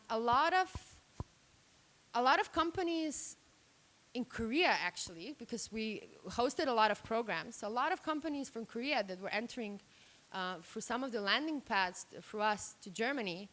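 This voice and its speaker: A fairly high-voiced woman from Serbia and Slovenia gives a workshop talk into a microphone. She is blunt and animated and acts out the reactions she quotes. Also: normal speed. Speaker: workshop speaker. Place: room. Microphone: handheld microphone.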